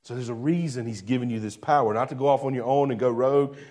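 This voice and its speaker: A male pastor preaching a sermon in a conversational way, asking the congregation rhetorical questions and dropping to a soft, low voice on key phrases. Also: fast talker.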